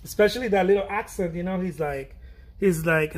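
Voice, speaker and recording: A middle-aged man with a high voice and fairly quick pace paints while streaming an art chat. He rambles casually, jokes at his own expense, laughs often, and trails off mid-thought before restarting.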